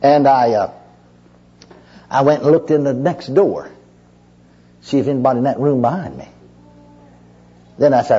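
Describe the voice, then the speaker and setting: A man's voice: medium pitch, expressive, normal speed, long pauses, warm tone, breathy edge, highs cut off. A male preacher giving a sermon as a personal testimony. He tells it in a folksy storytelling way, with constant "you know"s and restarts.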